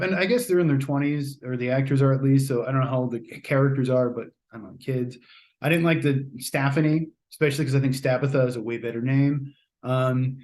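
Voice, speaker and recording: An American man in casual review mode, talking through a movie he saw. His voice sits at an ordinary middle pitch, and he rambles a little, restarting sentences and dropping fillers along the way. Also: darkish tone. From United States. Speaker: podcast host reviewing a film.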